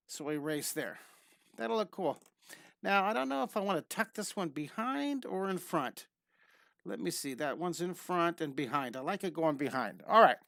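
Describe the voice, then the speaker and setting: A man's voice: fairly high pitch, fairly bright tone, no echo. A man teaching a live online drawing lesson, bubbly and rambling as he chats with viewers.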